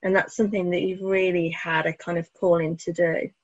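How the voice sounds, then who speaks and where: Husky-voiced woman interviewer, muffled. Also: lowish voice, little pitch movement, a little fast. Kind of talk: interview question.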